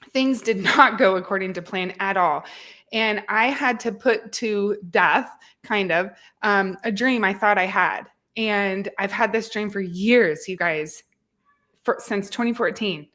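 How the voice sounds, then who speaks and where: A woman in her thirties talks through a fitness podcast in an earnest, reflective, motivating way. Her voice sits at a middling pitch for a woman. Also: lively intonation, measured pace, fairly bright tone. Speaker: fitness podcast host and coach. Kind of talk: casual podcast chat.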